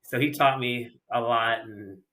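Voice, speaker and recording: A middle-aged man from Ohio tells racing stories in a casual podcast chat. His voice is bright and forceful at an ordinary middle pitch. He acts out every back-and-forth with loose, slangy energy. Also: a little slow. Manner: animated anecdotes with lots of acted-out dialogue and casual slang. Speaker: guest, retired sprint car racer. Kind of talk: casual storytelling in a podcast interview.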